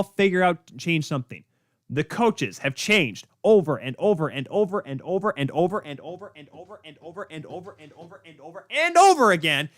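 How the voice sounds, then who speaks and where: A young man hosting a live sports talk show, ranting in an exasperated, rapid-fire way. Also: high voice, a bit bright, no room sound, studio quality. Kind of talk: live sports opinion rant.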